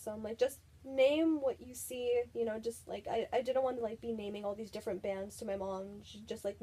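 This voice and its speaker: Young female vlogger, casual storytime, warm mellow tone, higher pitch, giggly. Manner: chatty, giggly, lots of filler words.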